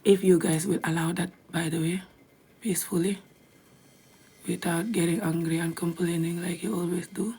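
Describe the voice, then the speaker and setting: A woman's voice: lowish voice, fairly even intonation, moderate pace, warm tone, slightly rough. A young woman with a Gambian accent chatting bluntly on a live video, laughing often and dropping to a whisper at times. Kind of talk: casual live-stream chat.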